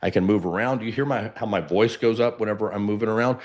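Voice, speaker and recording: A man with a Texan accent and a baritone voice, coaching realtors in a lively, casual webinar while standing and moving around. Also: quick pace, lo-fi sound. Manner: energetic, animated, casual. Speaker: real estate coach. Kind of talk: webinar teaching.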